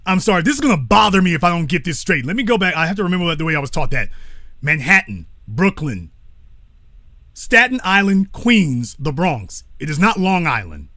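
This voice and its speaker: A man's voice: fairly high pitch, sing-song, fairly quick, bright, forceful tone, no room sound, clean studio sound. A man hosting a call-in talk show, speaking bluntly with profanity and stopping to correct himself.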